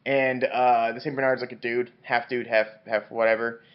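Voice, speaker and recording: A man's voice: mid-range voice, little pitch movement, normal speed, clear, resonant tone, lo-fi sound. A drunk man reviewing a classic novel, rambling and swearing, with many restarts and fillers. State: drunk on wine. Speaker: book reviewer. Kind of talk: rambling comic book review.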